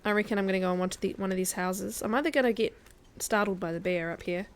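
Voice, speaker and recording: A woman's voice: medium pitch, quick pace. A woman chatting casually as a guest streamer while she plays a survival game, laughing often. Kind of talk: casual gameplay commentary.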